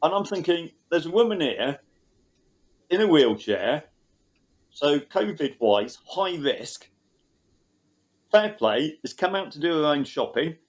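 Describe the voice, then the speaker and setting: A man's voice: on the high side, big pitch swings, takes it slowly, long pauses, low-quality recording. A man in a casual interview, telling a rambling story and quoting the people involved.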